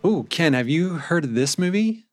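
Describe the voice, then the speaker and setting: A man's voice: on the high side, expressive, normal speed, over music. A man co-hosting a casual podcast chat, giving dry, teasing, short replies. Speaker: podcast co-host.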